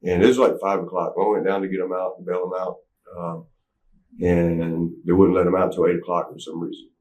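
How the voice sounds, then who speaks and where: A man's voice: sits low, little pitch movement, a little fast, darkish tone. A middle-aged man telling a rambling, stop-start story in a candid interview. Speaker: interview guest. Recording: echoey room, distant mic.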